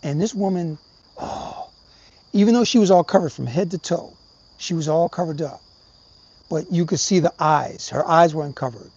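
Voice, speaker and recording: A man's voice: on the high side, moderate pace, darkish tone, breathy edge. A middle-aged man talking casually and profanely to his viewers, rambling and calling them brothers. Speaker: livestream host. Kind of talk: casual livestream talk. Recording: slightly dull, faint background hiss.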